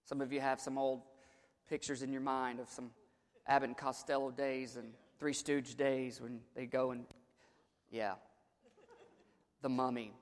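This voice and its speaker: A man preaching an Easter sermon in a church, swinging between quiet storytelling with joking asides and dramatic shouted build-ups. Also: medium pitch, little pitch movement, unhurried, pauses often, big-room sound. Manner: humorous asides. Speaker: pastor.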